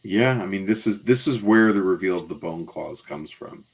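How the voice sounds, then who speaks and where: Speaking at a moderate pace in a low, animated voice with a breathy edge, a male podcast co-host gives a detailed, rambling recap of scenes. Fillers like "um" and side comments crop up constantly.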